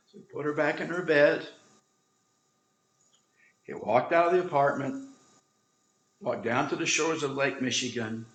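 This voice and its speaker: A man who serves as the instructor, telling a story in an earnest way with dramatic pauses, recorded in an echoey room. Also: mid-range voice. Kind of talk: storytelling talk.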